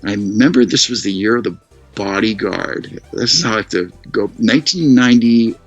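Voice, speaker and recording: A man chatting casually on a video call, telling stories in an animated way and acting out other people's voices. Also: on the low side, a little fast, breathy edge, highs cut off, soft background music. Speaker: guest storyteller. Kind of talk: casual chat on a live stream. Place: living in Tokyo.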